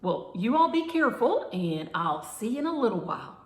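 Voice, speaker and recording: A kind, motherly woman in a storybook who soothes and reassures, her voice lively in pitch, as the reader plays her. The sound is roomy. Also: measured pace. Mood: reassuring. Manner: warm and reassuring. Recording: roomy echo.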